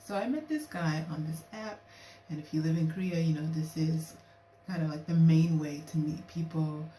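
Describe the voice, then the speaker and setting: A young woman vlogger tells a story to camera, chatty and animated, slipping into quoted lines as she goes. Her low, mellow voice comes at a normal speed from a distant mic in a roomy, echoey space, with faint hiss in the background.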